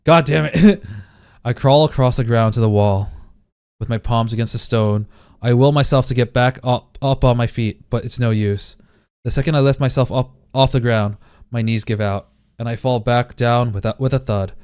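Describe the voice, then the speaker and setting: A man's voice: medium pitch, normal speed, a little mellow, clean tone. A man reading a visual novel aloud in a dramatic voice, breaking off with laughing reactions, game music behind him. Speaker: let's play streamer.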